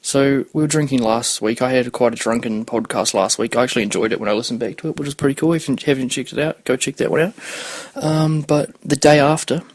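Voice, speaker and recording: A young man in his twenties hosts a casual podcast, rambling through his week and swearing freely as he loses his thread. His voice sits at an ordinary middle pitch. The sound is dry and close, with no room around it. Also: quick pace, few pauses, no room sound. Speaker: podcast host.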